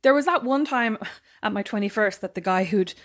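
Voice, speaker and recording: Woman co-hosting a chat show, talks fast, dry close sound, acts out what people said. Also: medium pitch, dry recording. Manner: chatty, animated storyteller acting out quotes. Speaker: podcast co-host. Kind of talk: casual chat.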